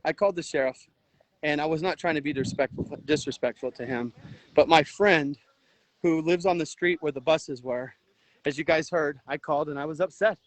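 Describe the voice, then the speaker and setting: An exhausted veteran volunteer livestreams by a river on his phone, giving emotional outdoor commentary in an urgent, earnest, rambling way full of restarts. His voice is on the high side and fairly quick, and the recording quality is low.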